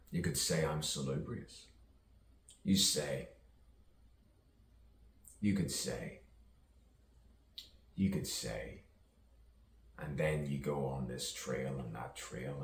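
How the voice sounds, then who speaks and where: A man's voice: extremely low pitch, slow pace, vocal fry, long pauses, slight background noise. A man improvising a rambling, rhyming stream-of-consciousness monologue with chuckles between lines, recorded from a distance. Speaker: poet. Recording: roomy echo, distant mic, faint ambience.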